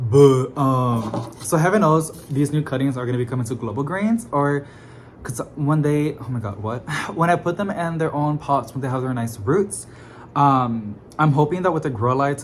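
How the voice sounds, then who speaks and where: A young man talking in a rambling, expressive, sassy way, laughing often, in a casual vlog at home. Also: medium pitch, slight background noise. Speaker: plant vlogger. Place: home apartment, indoors.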